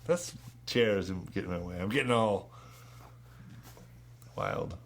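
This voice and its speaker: A man's voice: low voice, unhurried, slight background noise. A man co-hosting a casual podcast chat, telling rambling, profane stories with lots of energy in a home studio. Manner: rambling, profane, animated storyteller. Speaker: podcast co-host.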